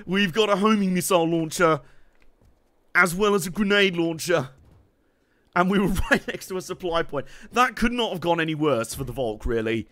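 A young man giving casual, excitable gameplay commentary, laughing, swearing and humming along as he plays. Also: high voice, normal speed, no echo. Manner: excitable, laughing, swearing, hums tunes while playing. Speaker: game streamer.

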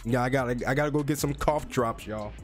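A man giving live commentary on a football video game, trash-talking and jumping into high yelps, his voice cracking. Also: fast, soft background music. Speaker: gaming YouTuber.

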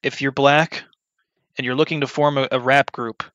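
Bright-voiced young man rambling. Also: medium pitch, flat delivery, normal speed, no room sound, highs cut off. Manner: meandering, many fillers and restarts, flares into loud ranting. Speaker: video creator modding a game. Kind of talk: rambling off-topic commentary.

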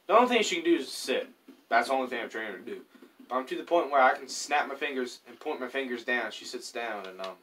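A gaming YouTuber chats casually and rambles to himself while playing a survival game, telling offhand stories as gameplay commentary. His mid-range voice is a bit bright and recorded from a distance, with slight background noise.

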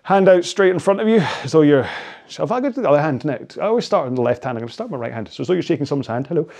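Speaking very fast in a slightly high, expressive, a little mellow voice, this Scottish indoor rowing coach in his forties guides a casual cool-down. He rambles chattily through the stretches and tosses in self-deprecating remarks.

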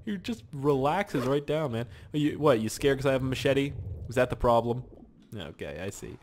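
Lively, rambling young gaming host. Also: male voice, medium pitch, normal speed, slight background noise. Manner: rambling, joking, talks to himself. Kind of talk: let's play game commentary.

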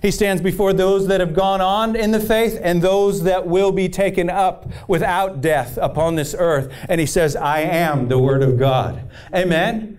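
A male pastor at a church service preaches in a high, clean, darkish voice, with fairly even intonation, normal speed and hardly any pauses. He retells scripture as a story with frequent restarts and keeps asking the congregation "amen?" in call-and-response.

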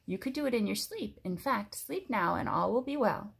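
A woman reading aloud and voicing a calm, wise little doll who speaks in a soothing, reassuring way. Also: mid-range voice, normal speed, creaky, husky, full character voice.

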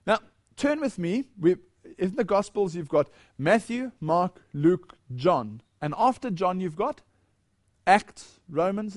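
A man's voice: sits high, dry recording, clean studio sound. A man giving a Bible teaching lecture, leading listeners through verses and asking questions before he answers them.

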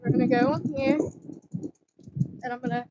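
A young-sounding woman with a high voice vlogs from a bike outdoors. She is jittery and keeps blurting out exclamations. The audio is muffled and lo-fi, picked up by a phone tied to the bike. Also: moderate pace, heavy background noise. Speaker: cosplay vlogger. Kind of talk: casual vlog while riding a bike. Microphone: phone strapped to the bike.

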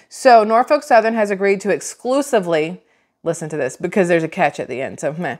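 A woman's voice: lowish voice, brisk, darkish tone. Chatty, sarcastic woman. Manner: sarcastic, chatty, rambling with many restarts. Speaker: vlogger. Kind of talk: casual commentary vlog.

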